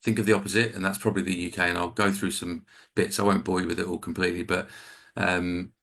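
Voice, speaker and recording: Man, English accent, forties, low gravelly voice, chatty and self-deprecating, video call. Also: little pitch movement, fast talker, fairly bright tone. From England. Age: 40s. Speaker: guest. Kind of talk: casual video-call chat.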